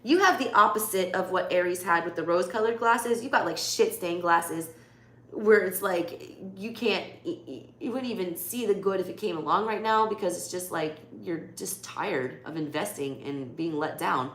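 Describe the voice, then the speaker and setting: A woman's voice: on the low side, normal speed, fairly bright tone. A woman with a Southern US accent giving a live tarot reading in casual chat, blunt and swearing freely. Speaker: tarot reader. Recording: echoey room, faint background noise.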